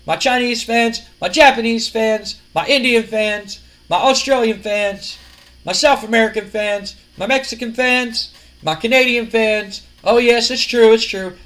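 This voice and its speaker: A man's voice: very high voice, voice pushed up. A man voicing a cocky, boastful male pro wrestler who taunts his rival. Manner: smug, taunting, loud.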